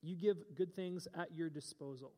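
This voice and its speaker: Young male pastor, chatty and joking from the pulpit, a touch high-voiced, long hall echo. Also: normal speed, dark tone. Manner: joking, conversational, playful asides. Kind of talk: casual sermon.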